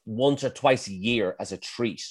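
A man's voice: lowish voice, measured pace, husky. A middle-aged man, a chef, talking casually and self-effacingly in an interview, often restarting his sentences. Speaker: chef and guest.

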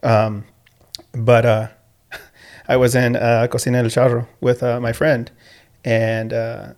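A middle-aged man with a gravelly, fry-edged voice chats casually on a podcast. He tells stories about his work as a coach and PE teacher. He circles back on himself often, with many "ums" and restarts. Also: mid-range voice, monotone, takes it slowly, a little mellow. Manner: rambling, with frequent fillers and restarts, laughs often. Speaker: high school PE teacher and coach.

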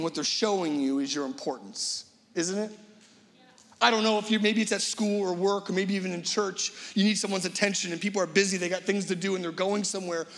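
High-voiced preacher with a gravelly edge. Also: male voice, fairly bright tone, in a large hall. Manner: dramatic storytelling, acting out imagined voices. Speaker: guest preacher. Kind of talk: sermon.

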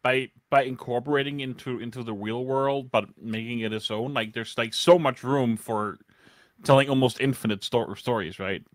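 A man in casual podcast chat, halting, restarting, and using many "like" fillers. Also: medium pitch, no room sound.

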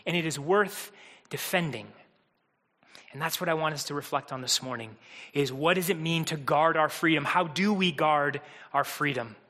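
Male pastor, high voice, energetic sermon delivery with repetition, church hall reverb. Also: normal speed. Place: church sanctuary.

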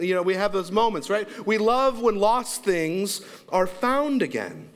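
A man in his thirties preaching a sermon in a church, telling a family story with lively acted-out quotes and laughter. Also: moderate pace, few pauses, clean tone. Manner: animated storytelling, acts out quotes with big pitch jumps, laughs along. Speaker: pastor. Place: church sanctuary.

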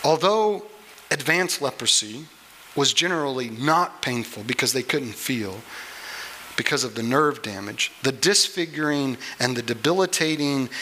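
A man preaching a sermon, earnest and unhurried, with small restarts as he explains a Bible passage. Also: mid-range voice, sharp tone, slight background noise, rough recording. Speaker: pastor.

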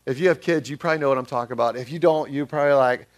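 A man's voice: medium pitch, racing. A male pastor giving a sermon in a conversational way, asking the congregation questions.

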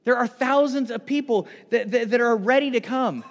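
A man preaching a sermon, retelling a scripture story with animated, excited delivery and frequent restarts. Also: very high-pitched, normal speed, long reverb tail. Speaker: pastor.

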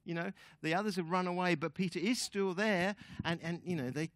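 A man as guest speaker giving a sermon, telling the story in an animated way with chatty asides to the audience. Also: a little high, fairly quick, few pauses, no room sound.

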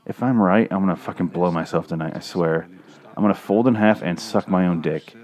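A man's voice: sits low, brisk, a little mellow, highs cut off. Sarcastic profane man riffing on a movie. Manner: sarcastic, rambling, crude. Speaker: movie commentator. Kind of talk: casual profane movie commentary. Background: movie audio playing.

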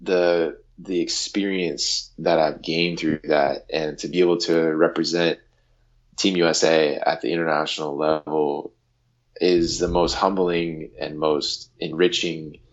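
A man in his thirties from the United States, a guest on an interview show, telling a story in a casual, lively way and acting out quotes. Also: rumbling low, measured pace, highs cut off. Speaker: guest, handball athlete.

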